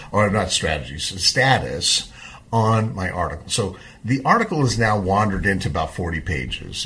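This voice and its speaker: A man's voice: low-pitched, a bit bright, husky. A middle-aged man hosting his own show, talking through his ideas in a rambling, self-correcting monologue. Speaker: host of a civic podcast. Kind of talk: casual monologue.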